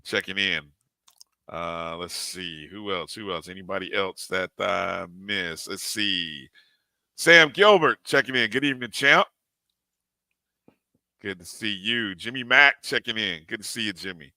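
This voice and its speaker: A man's voice: low voice, a little slow, pushed and bright, dry recording. A man co-hosting a live sports talk show, animatedly greeting chat viewers one by one by name.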